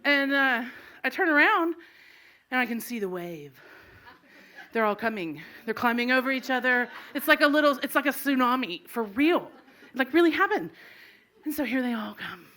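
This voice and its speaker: Bright-voiced woman telling a comic story. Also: high voice, moderate pace. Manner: animated, laughing as she tells it. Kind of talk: live comedic storytelling. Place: live stage before an audience.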